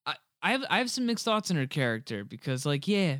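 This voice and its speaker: A young man chatting casually about a movie, animated and joking, swearing freely. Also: a little high, dry recording, clean studio sound. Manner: animated, swears freely, quick jokey asides.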